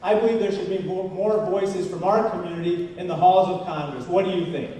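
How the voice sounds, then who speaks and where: A man's voice: high voice, fairly even intonation, fairly quick. A man running for Congress, giving an earnest campaign speech at a gala, with jokes and rising emphasis. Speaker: congressional candidate. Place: large banquet hall. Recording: echoey hall from far off, faint noise.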